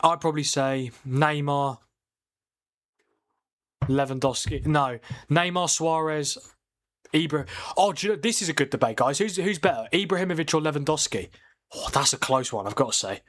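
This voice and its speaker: A fairly bright, higher-leaning voice belongs to this watchalong host, who speaks at normal speed with long pauses, casually discussing live football and replying to viewer comments.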